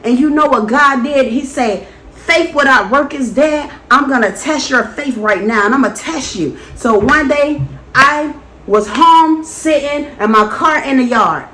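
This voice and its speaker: A woman delivers an earnest, preachy personal testimony, her voice sitting a little high. The recording sounds echoey, as if made in a bare room. A faint background noise runs underneath. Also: measured pace, bright, forceful tone. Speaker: vlogger.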